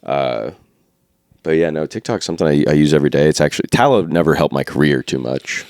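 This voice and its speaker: A man with an extremely low voice co-hosts a comedy podcast. He talks in an easygoing, deadpan way. The sound is dry and close. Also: quick pace, dry recording. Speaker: co-host. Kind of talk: casual comedy podcast chat.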